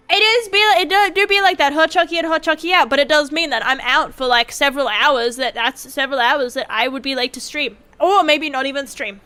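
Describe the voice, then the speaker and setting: A young woman streamer ranting casually and profanely to her chat, animated and exasperated. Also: high-pitched, fairly quick, faint music behind.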